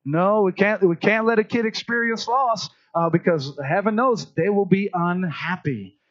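A man preaching a sermon, telling lively stories and acting out voices. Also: sits high, normal speed, dull audio. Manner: animated storytelling, acts out voices. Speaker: pastor.

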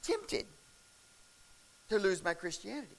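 Lively high-voiced male preacher. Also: unhurried, gravelly. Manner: animated, shouts and laughs at the peaks of stories. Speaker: pastor. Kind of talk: sermon storytelling. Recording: faint hiss.

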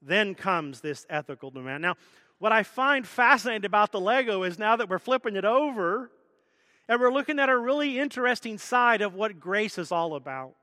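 A man's voice: sits high, animated, normal speed, bright, forceful tone, no room sound, clean studio sound, long reverb tail. A man preaching a sermon as pastor, teaching in a conversational way with self-deprecating jokes.

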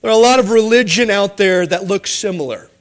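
A man preaching a sermon, emphatic, his voice rising and then dropping low for stress. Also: brisk. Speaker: pastor.

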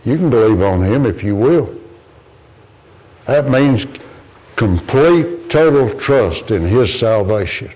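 Man, preaching a sermon, earnest, tells stories, mid-pitched voice. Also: expressive, slow, pauses often, a little mellow, low-quality recording. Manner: earnest, storytelling, rises in pitch when quoting others.

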